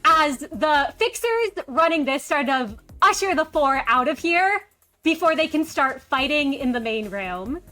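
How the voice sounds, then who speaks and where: A woman narrating a tabletop game as game master, lively and voicing characters in quotes. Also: high voice, unhurried, faint music behind.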